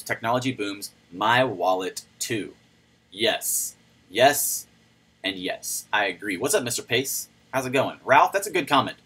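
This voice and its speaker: A man's voice: medium pitch, sharp tone, slightly rough, poor audio. A man hosting a casual livestream, chatting loosely and greeting viewers by name as he reads their comments. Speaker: crypto livestream host.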